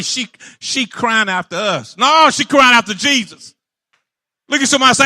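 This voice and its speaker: A male pastor a fiery sermon, shouting and repeating his points. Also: very high voice, moderate pace, no echo. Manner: shouting, call-and-response preaching.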